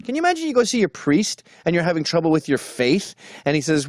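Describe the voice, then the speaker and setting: A man's voice: a little high, very animated, quick pace, hardly any pauses, no room sound, studio quality. A man delivering a combative, sarcastic opinion monologue as a commentator.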